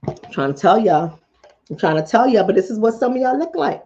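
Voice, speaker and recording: A woman's voice: mid-range voice, expressive, a little fast, mellow, muffled recording. A woman hosting a mental health livestream in casual chat, blunt and profane, talking straight to her viewers. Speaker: mental health talk show host.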